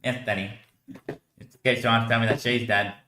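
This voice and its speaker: A man voicing a low, hushed fatherly figure who calls the other voice son, recorded in an echoey room. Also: little pitch movement, moderate pace, a little hiss or hum, close to an everyday voice. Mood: quiet fatherly.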